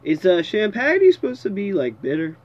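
Lively, higher-voiced young man. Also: normal speed, highs cut off. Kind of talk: casual chat.

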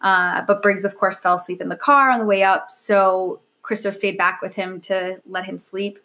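Chatty mother telling lively stories. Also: medium pitch, normal speed. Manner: animated storytelling, acting out quoted dialogue. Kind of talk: casual chat.

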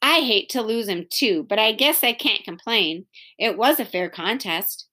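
A woman's voice: on the high side, lively intonation, a little slow, sharp tone, exaggerated voice. Woman voicing a polite stranger boy. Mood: earnest. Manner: polite, earnest. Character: polite stranger boy, the dog's former owner.

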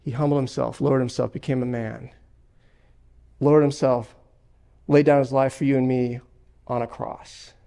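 Male pastor preaching in church; fry in the voice, emphatic delivery with repetition. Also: medium pitch, steady tone, normal speed, mellow. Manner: emphatic preaching with repeated phrases and personal stories. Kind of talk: sermon. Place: church sanctuary.

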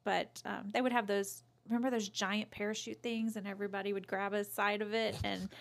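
A woman's voice: mid-range voice, flat delivery, a little fast, vocal fry. A middle-aged woman, co-hosting a casual chat and telling self-deprecating stories with giggles. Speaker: podcast co-host.

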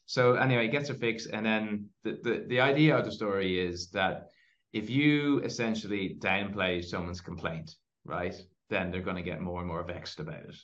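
A man speaking as a podcast guest who tells stories in an animated way, with plenty of fillers and restarts. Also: fairly low pitch, normal speed, dull audio. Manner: animated storyteller, lots of fillers. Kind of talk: casual interview storytelling.

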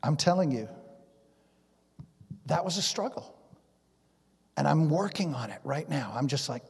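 A pastor preaching a sermon, acting out conversations and dropping to a hush at times, in a church sanctuary. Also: male voice, a little high, unhurried, vocal fry, pauses often, breathy edge. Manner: animated, acts out conversations, drops to a hush. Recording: long reverb in a big hall.

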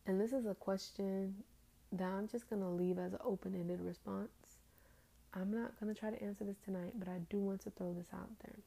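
A woman's voice: medium pitch, fairly even intonation, brisk, gravelly, mellow. A tired woman hosting a casual, rambling faith talk, trailing off into fillers.

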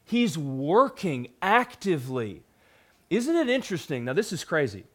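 A young male pastor giving a sermon in a loose, conversational way, full of fillers and quick asides. His voice sits a little high for a man. His delivery is lively. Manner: conversational, animated storytelling with frequent fillers.

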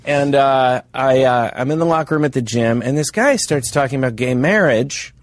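Man, co-host, rambling anecdote, casual chat, mid pitch, dry recording. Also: normal speed, no room sound. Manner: rambling anecdote with acted quotes. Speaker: podcast co-host. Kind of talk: casual comedic chat, storytelling.

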